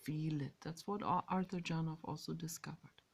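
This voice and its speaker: A woman vlogger talking through a casual monologue outdoors, stressing words loudly and then dropping to a soft whisper. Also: deep voice, fairly even intonation, vocal fry, husky. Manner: emphatic and drawn-out, swinging between loud stresses and soft whispers. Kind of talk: casual spoken monologue on meditation.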